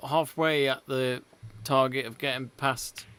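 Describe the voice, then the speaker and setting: A man's voice: medium pitch, fairly even intonation, measured pace, a bit bright, a little hiss or hum. A man co-hosting a live sports watch-along, chatting casually and reading out viewer messages. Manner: chatty, reads out viewer messages, laughs often. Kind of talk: casual live commentary chat.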